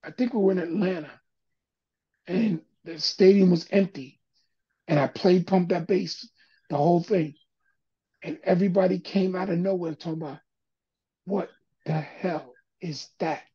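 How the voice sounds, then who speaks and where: A man's voice: high voice, moderate pace, pauses often, breathy edge, highs cut off. An older man, a music producer and guest, telling stories in a casual interview and acting out other people's voices as he goes. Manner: animated storyteller, acts out quoted voices.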